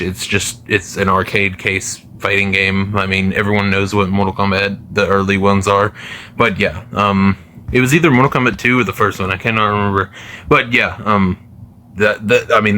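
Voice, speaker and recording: Man, low-pitched but bright, forceful tone; casual, rambling gaming commentator full of fillers. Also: a little hiss or hum. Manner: rambling, many fillers and restarts. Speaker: gaming video creator.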